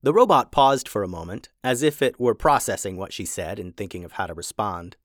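A man narrating a children's story in an expressive, playful way. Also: fairly low pitch, brisk, no room sound, clean studio sound.

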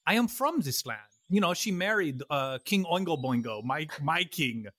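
A man's voice: on the high side, animated, moderate pace, a bit bright, no echo. Man doing a hammy foreign courtier with a put-on accent. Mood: theatrical. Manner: theatrical, over-earnest put-on accent. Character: foreign-born courtier plotting against the queen. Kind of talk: improvised comedy audio play.

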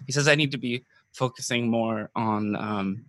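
A man co-hosting a comedy podcast over a remote call, speaking in a deadpan, petulant way. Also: medium pitch, normal speed. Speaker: co-host. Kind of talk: improvised comedy bit.

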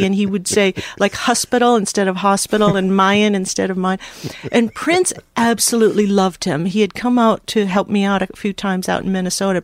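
A woman in her sixties, a studio engineer, telling a story as a guest in a podcast interview, lively and full of restarts. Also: medium pitch, no room sound.

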